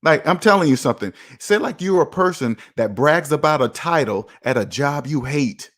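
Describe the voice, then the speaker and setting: A man's voice: fairly high pitch, animated, moderate pace, fairly bright tone. Emphatic man preaching to his viewers. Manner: emphatic, repeats himself for effect; preachy, talks straight to viewers. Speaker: personal finance vlogger. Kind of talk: casual motivational monologue.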